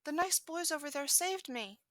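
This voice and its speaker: A woman's voice: high-pitched, lively intonation, moderate pace, a bit bright, no echo, clean studio sound, pitched above the performer's own voice. A woman voicing a frightened little girl who wails for her mother. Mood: relieved. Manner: wailing, tearful. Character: little girl lost and crying.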